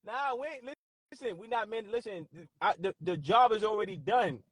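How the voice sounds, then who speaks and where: Loud, laughing New streamer, high lively voice, dry close sound. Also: male voice, normal speed, husky, no room sound. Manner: laughing often, loud and profane, reacting to chat. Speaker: livestream host. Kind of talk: casual livestream chat.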